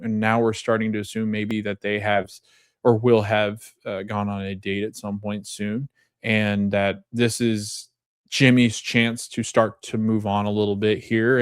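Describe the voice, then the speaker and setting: In a studio-quality, echo-free recording, a fairly low-voiced man hosts a podcast and recounts a TV episode. He meanders, keeps correcting himself, and chuckles as he describes the scenes.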